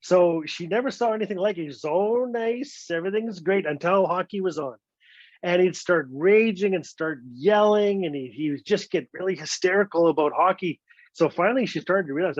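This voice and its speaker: A man's voice: high voice, moderate pace, no echo. A man in his fifties from Canada's Northwest Territories, telling a humorous folk story in a playful, repetitive way, often tagging lines with "eh". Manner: lively, playful, repeats words for effect, ends lines with "eh". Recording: dull, dry lo-fi online recording.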